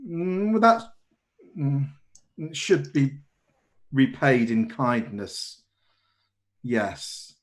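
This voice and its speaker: A man voicing a sinister, hungry creature posing as a man in a tabletop horror game, speaking in a halting, muttering way. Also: mid-range voice, sing-song. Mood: wavering. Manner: halting, muttering, repeats himself.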